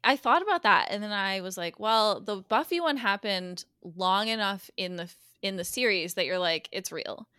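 This guest co-host has a smooth, mid-range voice on a dry, clean studio recording. She recaps a TV episode in relaxed podcast chat, storytelling with animation and switching voices fast to act out the characters.

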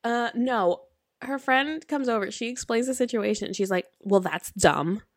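A woman's voice: fairly high pitch, normal speed, dry recording, clean studio sound. A young woman chatting casually, telling stories and acting out what people said, laughing often. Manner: storytelling, acts out quotes, laughs often. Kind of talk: casual chat.

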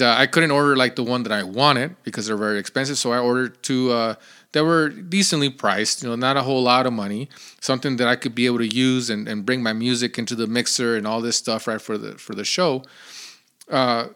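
A man hosting his own podcast, telling a rambling story in a casual, animated way with lots of fillers. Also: medium pitch. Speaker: podcast host.

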